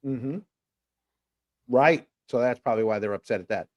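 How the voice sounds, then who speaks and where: A man's voice: medium pitch, moderate pace, dull audio. A man co-hosting a casual livestream talk show, rambling through viewer comments with plenty of fillers. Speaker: podcast co-host.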